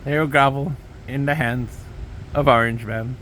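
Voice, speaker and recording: A man's voice: medium pitch, fairly even intonation, unhurried, fairly bright tone, slight background noise, natural voice, poor audio. A man putting on a mocking impression of a boastful older male politician, bragging in exaggerated repetitive phrases.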